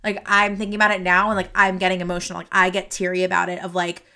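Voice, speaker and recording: A career coach hosts a solo podcast from her office, her lowish voice bright, forceful, fast and monotone. She talks chattily, stumbling into fillers and restarts, while teary and sniffly.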